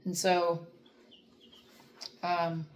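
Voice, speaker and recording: A woman's voice: fairly low pitch, completely flat delivery, very slow, a little hiss or hum. A woman who works as a dog trainer, talking earnestly about faith and self-talk in a rambling way, with many fillers and restarts. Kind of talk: reflective faith talk to camera.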